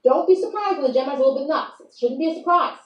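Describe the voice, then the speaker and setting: A high, lively woman talks fast and playfully, rambling through an improvised star-sign persona. She sounds amused by herself. The recording is dull and lo-fi, caught from a distance in an echoey room.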